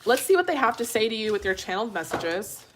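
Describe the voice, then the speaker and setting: A woman's voice: on the high side, sing-song, fast talker, a little hiss or hum. Casual frank woman reading tarot live. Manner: casual, frank, swears freely, laughs often. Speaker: tarot reader.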